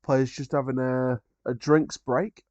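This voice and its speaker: A man's voice: mid-range voice, flat delivery, measured pace, a little mellow, no echo, highs cut off. Chatty man hosting a football watchalong. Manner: casual, chatty, opinionated, frequent ums and restarts. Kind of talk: live match watchalong commentary.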